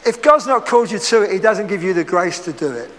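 High-voiced Essex preacher in a reverberant hall. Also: male voice, fast. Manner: lively storytelling, laughs and acts out quotes. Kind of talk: sermon. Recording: echoey hall with faint background noise.

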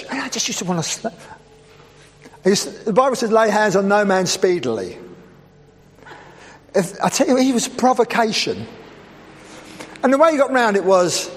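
A man preaching a humorous sermon in a church, with playful, teasing asides to the congregation. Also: high voice. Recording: reverberant church hall with faint background noise.

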